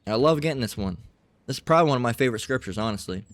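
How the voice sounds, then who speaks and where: A man's voice: medium pitch, expressive, racing, a bit bright, dry recording. A man commentating and reading aloud in a combative way, repeating himself, swearing freely and keeping on asking "all right?". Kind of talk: heated commentary and bible reading.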